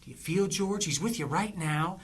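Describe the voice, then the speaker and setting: An actor playing a psychic medium in a radio play, speaking in a slow, coaxing, soothing way. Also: medium pitch, slightly rough, lightly acted.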